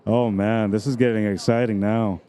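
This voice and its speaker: A man commentating a pool match on a live stream, explaining shot angles and easily excited by big shots. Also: fairly low pitch, normal speed. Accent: Canadian. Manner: excitable, breaks into screams and laughs at exciting shots.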